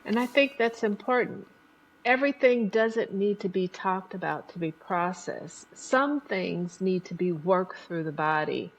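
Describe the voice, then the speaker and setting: A woman psychotherapist hosting a podcast, explaining trauma in an animated way and briefly acting out the people in her examples. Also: mid-range voice, measured pace, poor audio. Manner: animated, acts out voices in examples. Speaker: psychotherapist host.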